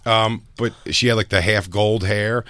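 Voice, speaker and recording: Low-voiced man telling rambling stories. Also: fairly even intonation, a little slow, fairly bright tone, no echo, studio quality. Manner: rambling, profane, trails off and restarts. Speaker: podcast host. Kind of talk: casual storytelling chat.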